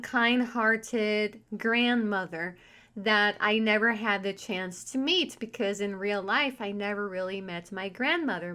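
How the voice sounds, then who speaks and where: A woman's voice: mid-range voice, bright, forceful tone. A woman vlogger telling a personal story in a chatty, candid and wry way. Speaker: spiritual vlogger and tarot reader. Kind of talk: casual storytelling monologue.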